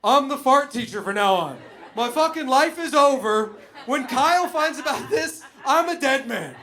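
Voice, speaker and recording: A man's voice: very high voice, expressive, normal speed, voice pushed up, full character voice. A man voicing a flustered male sixth-grade teacher who can't control his class, in a strained, exasperated voice. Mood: despairing. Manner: strained, loud, exasperated barking.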